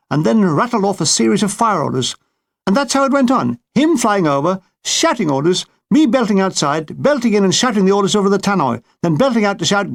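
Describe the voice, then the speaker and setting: Gravelly, deadpan male memoir narrator. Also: high-pitched. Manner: dry, deadpan comic delivery. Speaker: author reading his own memoir.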